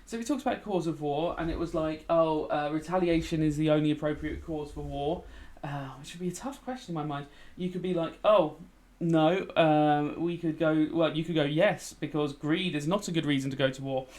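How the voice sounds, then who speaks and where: A man's voice: fairly high pitch, steady tone, brisk, a little mellow. A man teaching a casual revision lesson while building in a game, chatty and tired, checking in with "okay?" a lot. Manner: chatty, frequent "okay?" check-ins, talks while typing. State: tired, yawning.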